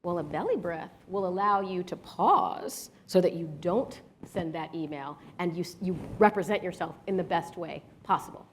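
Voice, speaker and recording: A woman from Washington, D.C. leading a live workshop, telling a personal story and guiding the audience through breathing exercises in a lively, chatty way. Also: fairly low pitch, normal speed, few pauses, a little hiss or hum. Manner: guides breathing exercises step by step. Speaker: workshop leader.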